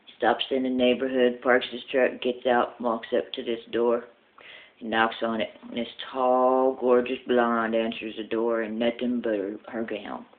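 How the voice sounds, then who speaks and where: A woman's voice: a bass voice, level tone. A woman telling a long joke casually, laying out the story step by step. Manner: drawn-out, listing storyteller pacing. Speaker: joke teller. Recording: tinny phone-like audio.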